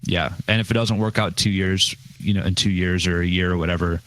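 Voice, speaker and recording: A man, a guest drummer on a podcast, explaining things in a halting way and repeating words. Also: low voice, fairly even intonation, a bit bright. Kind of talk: casual chat.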